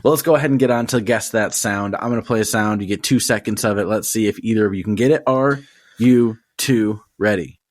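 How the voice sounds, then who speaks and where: A man's voice: on the low side, brisk, dry recording, studio quality. A man hosting a casual podcast from a hotel room, rambling with lots of chuckles and restarts. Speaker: podcast host.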